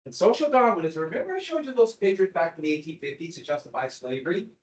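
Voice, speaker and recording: A man's voice: high voice, very animated, fast, rough recording. A male history teacher giving a classroom lecture, joking with his students and teasing them with questions.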